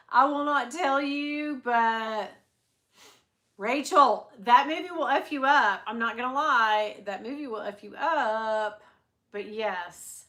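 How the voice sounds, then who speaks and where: A middle-aged woman hosting a casual livestream, chatty and quick to swear and laugh. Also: a little high, sharp tone. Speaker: livestream host.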